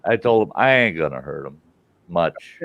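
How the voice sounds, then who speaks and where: This is a middle-aged man with a low-pitched voice, hosting a live stream from home. He is an animated, profane storyteller who laughs often and acts out the other people's voices. His audio comes through a dull, lo-fi call microphone. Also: normal speed, gravelly, a crowd in the background. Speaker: host.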